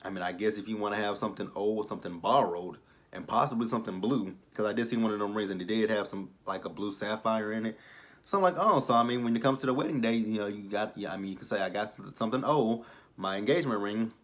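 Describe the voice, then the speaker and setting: A man of about thirty, with a lowish voice and a fast delivery, reviews a reality show in casual commentary. He's animated and profane, wandering off into rambling asides.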